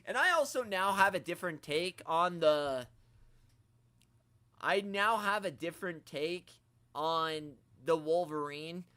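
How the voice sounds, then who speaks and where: Male streamer, higher-pitched, dry close sound, animated joking rants. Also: slow, dry recording. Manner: animated, joking rants, quotes others in mock voices. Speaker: toy collecting channel host. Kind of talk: casual livestream chat.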